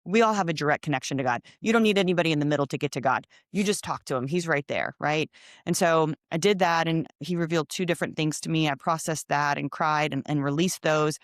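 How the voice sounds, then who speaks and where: A middle-aged woman hosting a podcast, telling a personal story in casual chat with expressive, animated delivery. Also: low-pitched, fast, no room sound, studio quality. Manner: expressive, animated storytelling with lively quoted voices. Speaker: podcast host.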